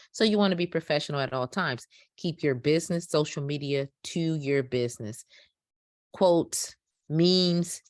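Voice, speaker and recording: Low-voiced woman teaching, emphatic. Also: no room sound, clean studio sound. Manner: emphatic, repeats key points with check-ins. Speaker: dispatching business instructor. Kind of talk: instructional walkthrough. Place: home office.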